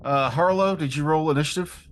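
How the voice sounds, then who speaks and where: A man's voice: a little high, fairly quick, a little hiss or hum. Casual man running a tabletop game. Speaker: game master.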